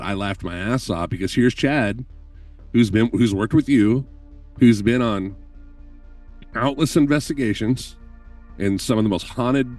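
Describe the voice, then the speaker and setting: A man with a lowish voice tells stories in an animated, swearing, chatty way. He sits a bit back from the mic in a dry room, with faint music underneath. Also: far from the mic. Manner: animated, profane storyteller who laughs often. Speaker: guest filmmaker telling stories. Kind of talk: casual podcast chat.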